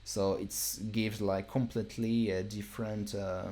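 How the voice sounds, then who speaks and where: Male producer, deep voice, casual stream walkthrough, relaxed and rambling with fillers. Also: measured pace.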